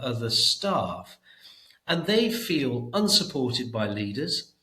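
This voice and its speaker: A man's voice: a little high, fairly bright tone, echoey room, low-quality recording. A middle-aged man talking emphatically in a podcast interview as a guest, often repeating words as he thinks. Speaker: education trust chief executive, guest.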